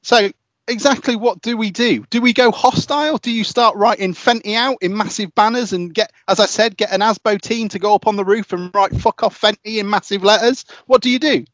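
A man's voice: high-pitched, fairly quick, a bit bright, no room sound. Man host, exasperated and profane, dry lo-fi call sound. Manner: sweary, ranting, exasperated. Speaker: podcast host. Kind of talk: casual football podcast chat.

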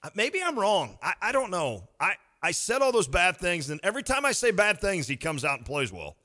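A man co-hosting a sports radio show, chatting casually, animated and quick to laugh. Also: sits high. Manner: animated, laughs often, acts out little scenes. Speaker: radio co-host.

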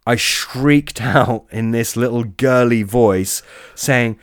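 This ghost story comes from a guest with a lowish voice, describing something creepy that happened while fishing. He talks casually, cusses often, and trips over himself restarting, all in a dry, clean studio sound.

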